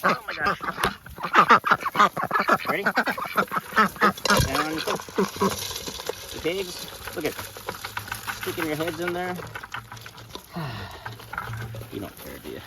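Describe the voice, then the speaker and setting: A man's voice: a little high, wildly swooping pitch, takes it slowly, creaky, pauses often. A man filming his backyard farm, casually chatting and coaxing his animals in a teasing way, outdoors. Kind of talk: casual vlog narration. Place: outdoors in a farmyard. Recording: loud outdoor background noise.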